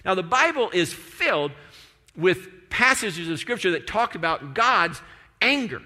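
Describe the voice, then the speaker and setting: A man's voice: sits high, big pitch swings, a little slow, bright, forceful tone, in a large hall, soft background music. A male pastor preaching a sermon in a conversational way, with frequent restarts and "like".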